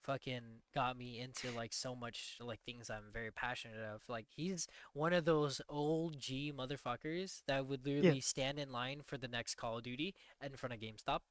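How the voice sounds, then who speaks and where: A man's voice: mid-range voice, steady tone, normal speed, few pauses. A young man co-hosting a podcast, laid-back and casual, swearing often with filler words. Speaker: podcast co-host. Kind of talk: casual chat.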